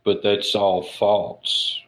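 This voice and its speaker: A man's voice: lowish voice, flat delivery, extremely slow, a bit bright, poor audio. A man with a Southern US accent, co-hosting a podcast and ribbing the others in a brash, boastful way. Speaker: podcast co-host. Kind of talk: casual joking banter.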